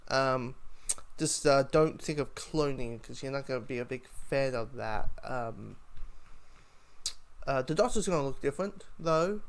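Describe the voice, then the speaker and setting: A man's voice: medium pitch, measured pace. A man giving a casual, rambling spoken review of a TV episode. He restarts his sentences often. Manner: rambling, lots of fillers and restarts.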